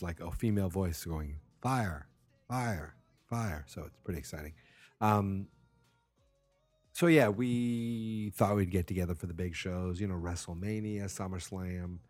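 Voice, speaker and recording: Low, mellow-voiced man hosting a podcast. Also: dry recording. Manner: rambling, self-mocking, sarcastic asides. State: tired. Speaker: podcast host. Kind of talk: casual podcast talk.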